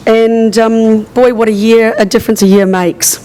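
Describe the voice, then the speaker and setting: A hoarse woman with a partly lost voice, presenting at a conference in a casual, chatty way full of ums. Her pitch stays fairly flat and even throughout. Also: a little slow, few pauses, rough recording. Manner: chatty, many fillers. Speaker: tourism regional manager presenting.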